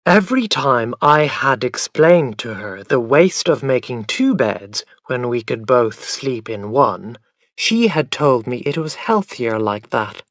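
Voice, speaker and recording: A man narrating a graded-reader story at an unhurried pace, his pitch rising and falling in an animated way. The recording is dry and close, with no room sound. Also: no room sound. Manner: slow, carefully enunciated reading with lively intonation. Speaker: audiobook narrator. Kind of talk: scripted story narration for English learners.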